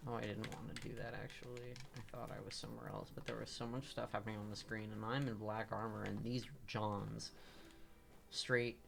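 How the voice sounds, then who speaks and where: A man streaming live gameplay, rambling to himself and his chat, swearing and breaking into loud frustrated outbursts. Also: fairly low pitch, level tone, fairly quick, creaky. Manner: self-talk with teasing asides.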